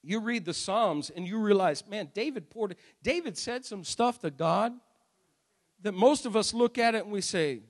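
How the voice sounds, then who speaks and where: A male pastor preaching a sermon in a church, talking conversationally with rhetorical questions and loud, emphatic bursts. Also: high voice, animated, normal speed. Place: church sanctuary. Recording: long hall reverb.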